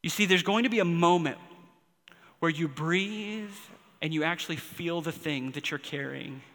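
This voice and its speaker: In a big hall with lingering reverb, a pastor in his forties gives an earnest, personal sermon. His ringing voice is slightly high and fairly bright, and his pauses steadily heighten the intensity.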